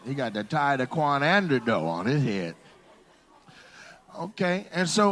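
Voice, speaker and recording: A male comedian doing crowd work on a club stage, teasing the audience and shouting out punchlines. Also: medium pitch, sing-song, unhurried, pauses often. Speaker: stand-up comedian.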